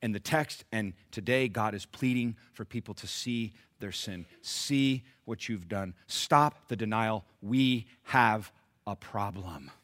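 A male pastor preaching an emphatic, deliberate sermon. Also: lowish voice, fairly bright tone.

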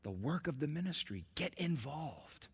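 Middle-aged male pastor, slightly high-pitched, emphatic repeater, sermon in church. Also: big pitch swings, normal speed, slightly rough. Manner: emphatic and repetitive, building to shouts. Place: church sanctuary, live service.

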